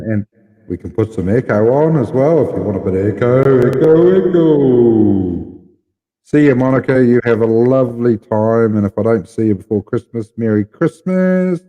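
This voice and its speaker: A man's voice: fairly low pitch, long reverb tail, muffled recording. A New Zealand man hosting a casual livestream chat, playful and joking. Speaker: livestream host.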